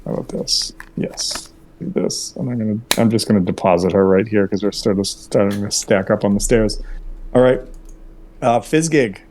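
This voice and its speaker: A man's voice: lowish voice, fairly quick, darkish tone, a little hiss or hum. A man acting as game master for an online tabletop game, talking in an easygoing way with lots of fillers and self-corrections.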